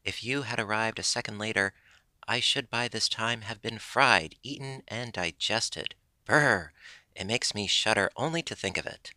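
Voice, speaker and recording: A man doing an excitable puppet boy. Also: on the low side, normal speed, no echo. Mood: shaken. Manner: pleading, excitable. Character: frightened boastful wooden puppet boy.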